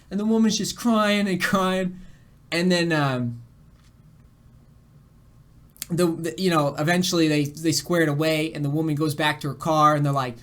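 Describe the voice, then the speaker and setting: A man's voice: fairly high pitch, fairly even intonation, moderate pace, pauses often, a bit bright. A young man streaming games, his voice shaky after crying, telling a rambling story to his chat with laughs and restarts. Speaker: game streamer. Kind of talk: casual storytelling to a live chat.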